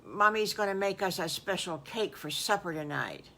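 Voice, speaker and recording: An older woman voicing an excited little boy piglet who guesses loudly and eagerly. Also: fairly low pitch, normal speed, a little hiss or hum.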